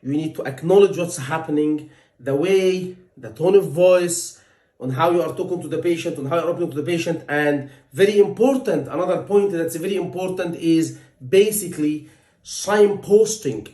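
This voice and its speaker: A man tutoring medical students in a lecture, repeating his points and acting out gentle doctor lines. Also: sits high, roomy sound. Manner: repetitive, coaching, acts out doctor lines softly. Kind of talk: teaching lecture.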